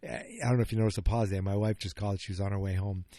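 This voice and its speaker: A man's voice: lowish voice, steady tone, rapid-fire, mellow, no room sound. A middle-aged man hosting a solo podcast, talking casually in a rambling, self-interrupting way that turns openly emotional. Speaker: podcast host.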